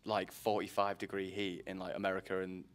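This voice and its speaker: A man from Northeast England with a Northeast English accent, a band member telling stories and acting out quotes in a relaxed interview. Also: low voice, brisk, over a noisy crowd. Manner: storytelling, acts out quotes. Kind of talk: casual chat.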